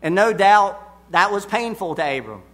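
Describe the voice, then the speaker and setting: A man preaching an expository sermon, deliberate and emphatic, repeating his key phrases. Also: high-pitched, animated, fairly bright tone.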